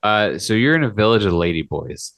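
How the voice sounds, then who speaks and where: A man's voice: lowish voice, big pitch swings, a little fast, a bit bright, no room sound. A man narrating as game master of a tabletop game, laughing often between lines.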